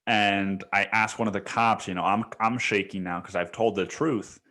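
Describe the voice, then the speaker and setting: A man's voice: on the low side, fairly even intonation, moderate pace, bright, forceful tone. A man hosting a solo podcast, recounting a dream in a casual, profane storytelling manner. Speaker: podcast host.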